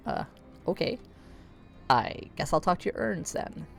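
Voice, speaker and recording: A woman's voice: low-pitched, sing-song, unhurried, creaky, long pauses, soft background music. A woman streamer casually playing a game, reading her choices aloud with hesitant fillers. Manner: hesitant, lots of uh and restarts.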